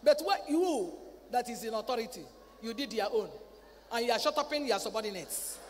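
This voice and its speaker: A woman preaching a sermon at a convention. She talks in a lively way, acts out family dialogue and repeats words. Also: on the high side, fairly quick. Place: large convention hall. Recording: reverberant hall, faint ambient noise.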